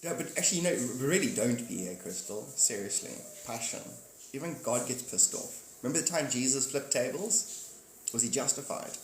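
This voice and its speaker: A man's voice: medium pitch, a little hiss or hum. A man hosting a casual live stream, rambling, joking and greeting his viewers by name. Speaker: livestream host. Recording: echoey room with faint ambience.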